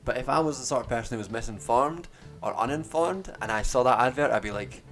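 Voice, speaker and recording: A young man rambling on a live stream, sardonic and profane, halting and restarting often. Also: medium pitch, a bit bright, faint music behind. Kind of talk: casual rambling stream chat.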